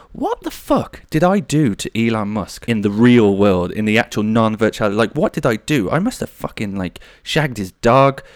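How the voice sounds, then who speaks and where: A young adult man hosting a podcast, telling a rambling story in a casual, animated way with lots of swearing. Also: medium pitch, dry recording, clean studio sound. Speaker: podcast host. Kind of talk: casual solo storytelling monologue.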